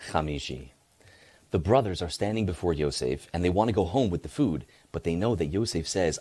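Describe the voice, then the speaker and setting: A man teaching a casual Torah lesson, retelling the story in an animated, conversational way. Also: low-pitched, fairly quick, slightly rough.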